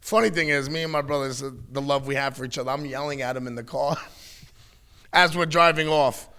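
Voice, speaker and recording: A middle-aged man in a candid interview, talking bluntly and with plenty of swearing as he tells animated stories. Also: a little high, fairly quick, smooth. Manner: blunt, profane, animated storytelling. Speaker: wrestling guest.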